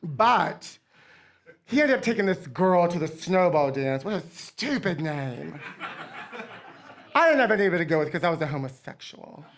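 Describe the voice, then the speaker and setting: A man's voice: a little high, moderate pace. Campy gossiping man telling stories. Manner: campy, gossipy, deadpan punchlines. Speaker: comedy show host. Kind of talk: comic storytelling to a live audience.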